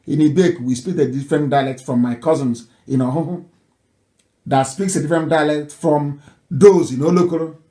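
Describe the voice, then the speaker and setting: A man hosting a live radio talk, emphatic and repetitive, sometimes rising to near shouting. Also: a little high, echoey room. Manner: emphatic, repeats phrases, rises to near shouting. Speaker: radio broadcaster.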